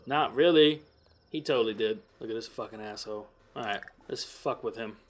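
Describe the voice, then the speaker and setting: Talking fast in a lowish, steady voice, this man offers profanity-laced Let's Play commentary on a life-sim game and wanders from topic to topic while ridiculing the characters. Slight background noise can be heard.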